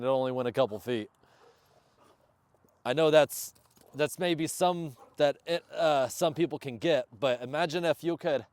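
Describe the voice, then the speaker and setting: Man, dog trainer, casual outdoor vlog, chatty and upbeat, bursts of loud praise, dry close sound. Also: fairly high pitch, no room sound. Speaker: service dog handler and trainer. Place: outdoors, yard or field. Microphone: camera on a stand nearby.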